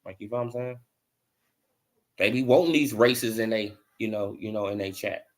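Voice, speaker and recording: A man with a lowish voice and moderate pace gives his casual take on boxing as a commentary vlogger. Expect plenty of slang, "bro," and "you know," with the latter half rising into animated mocking.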